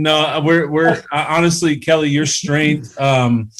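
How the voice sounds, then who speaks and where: A man hosting a podcast interview over a call, talking haltingly with many restarts and getting choked up. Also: a little high, expressive, crowd noise. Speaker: podcast host. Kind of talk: emotional casual interview chat.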